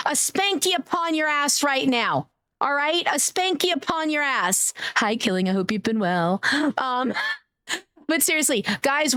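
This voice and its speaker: A woman's voice: high-pitched, fairly bright tone, no room sound, studio quality. A young woman live-streaming a game, chatting playfully with her viewers, teasing them and breaking into yelps and exclamations. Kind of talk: live gameplay stream chat.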